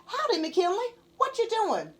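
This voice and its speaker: A woman's voice: extremely high pitch, wildly swooping pitch, measured pace, slight background noise, voice pushed up, full character voice. A woman voicing a friendly, easygoing country boy who lives on a farm, in a storybook reading.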